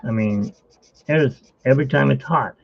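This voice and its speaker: A man with a gravelly, husky voice chatting casually as he draws on a live stream, rambling and cutting himself off mid-thought. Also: mid-range voice, moderate pace, highs cut off. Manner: rambling, self-interrupting. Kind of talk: casual chat while drawing.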